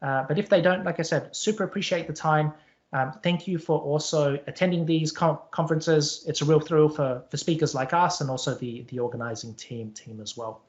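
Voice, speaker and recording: A man's voice: fairly high pitch, brisk. A man with a Canadian accent wrapping up a conference talk and taking questions over a video call, chatty and upbeat, often repeating words. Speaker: conference speaker. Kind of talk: casual presentation wrap-up and Q&A. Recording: dull lo-fi call audio.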